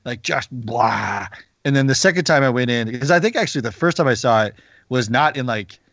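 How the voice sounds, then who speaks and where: A man's voice: medium pitch, fast talker, fairly bright tone, no echo, highs cut off. Dry-sounding man rambling about films. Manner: rambling, lots of "like" and restarts. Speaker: podcast co-host. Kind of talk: casual chat.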